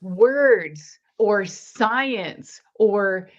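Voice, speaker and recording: Very slowly and expressively, a woman with a mid-range voice tells her personal story as an interview guest, earnestly acting out the dialogue. It comes across as conversational testimony, recorded in slightly dull lo-fi.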